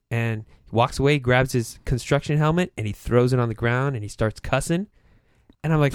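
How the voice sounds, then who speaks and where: A man's voice: mid-range voice, a little fast, clear, resonant tone, dry recording, clean studio sound. Laughing man telling a work story. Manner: laughing, acts out coworkers' lines. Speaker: guest. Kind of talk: casual storytelling.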